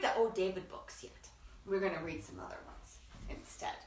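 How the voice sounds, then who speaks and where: A woman's voice: on the low side, moderate pace, recorded from a distance. Sing-song woman hosting children's story time. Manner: animated, sing-song, leads call-and-response. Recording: echoey room, voice away from mic.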